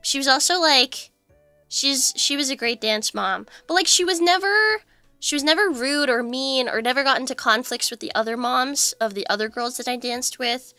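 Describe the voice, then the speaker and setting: A woman's voice: high-pitched, normal speed, sharp tone, no echo, soft background music. A young woman streamer chatting casually, telling stories with lots of laughs and fillers. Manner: chatty storyteller who laughs often and fills with "like". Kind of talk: casual livestream chat.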